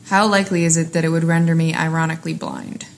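A woman voicing a terse, deadpan man in a fan audio drama, speaking flatly and low. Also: fast. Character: dry gruff man, deadpan vigilante.

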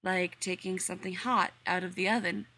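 A woman's voice: fairly low pitch, steady tone, brisk, pushed and bright. A cocky, flirty workman with a smug, easygoing manner, as a woman reader voices him. It is a plain storybook reading in her own voice. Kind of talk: audiobook reading.

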